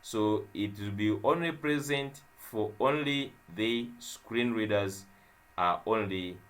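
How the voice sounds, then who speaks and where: A man's voice: fairly low pitch, fairly bright tone. A young man teaching web development in a coding tutorial, narrating as he types and thinking aloud with fillers and repeated phrases. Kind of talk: screen-share coding tutorial.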